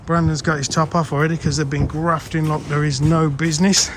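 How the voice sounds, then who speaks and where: A man's voice: on the high side, flat delivery, brisk, background noise. Chatty man vlogging a dig. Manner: chatty, mild swearing, calls viewers guys. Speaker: pond builder vlogging his project. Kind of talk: casual on-site vlog. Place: outdoor building site in a garden. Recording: music playing underneath.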